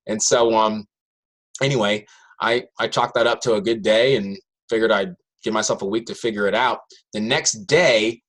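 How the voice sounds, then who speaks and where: A man, a high school math teacher, telling a classroom story to an audience and acting out his students' voices. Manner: animated, acts out students' voices in quotes.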